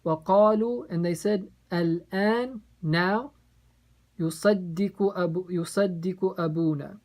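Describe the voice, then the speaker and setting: A woman's voice: on the low side, fairly quick, darkish tone, rough recording. A woman teaching an Arabic text, reading each phrase and then translating it word by word and explaining its grammar. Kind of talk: line-by-line text translation lesson.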